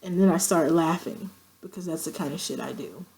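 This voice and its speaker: In a casual vlog, a woman tells a long, profane story, animatedly acting out her quoted friends with jumps in pitch. She speaks fairly quickly, and the recording is rough.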